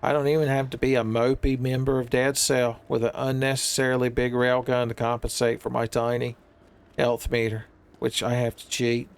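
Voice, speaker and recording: Here's a gaming streamer with a clear, resonant, medium-pitched voice that barely shifts in pitch, talking at a normal speed. While he plays, he offers rambling, joking commentary full of silly wordplay, repeatedly calling viewers "son."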